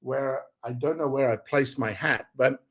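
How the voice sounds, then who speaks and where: A man's voice: medium pitch, measured pace. A man talking casually as a guest on a live show about his comedy work.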